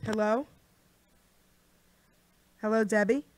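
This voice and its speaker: A woman's voice: medium pitch, steady tone, slow pace. A woman hosting a radio show, chatty and gushing with her guest, reading out a rhyming poem. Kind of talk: casual radio chat.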